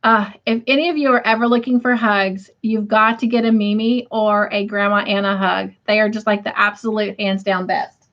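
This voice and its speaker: A woman's voice: mid-range voice, fairly even intonation, moderate pace, hardly any pauses. A middle-aged woman, hosting a casual livestream from home, chatty and laughing often as she reads viewer comments aloud. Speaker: livestream host. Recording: dull lo-fi stream audio.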